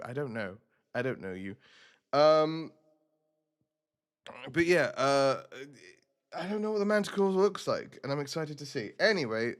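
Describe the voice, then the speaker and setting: A man streaming a role-playing game, chatting casually and rambling with self-mocking asides. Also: medium pitch.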